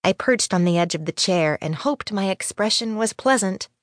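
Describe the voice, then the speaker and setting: A woman reading a first-person mystery audiobook in a measured, even storytelling manner on a studio microphone. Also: mid-range voice, no room sound. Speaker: audiobook narrator.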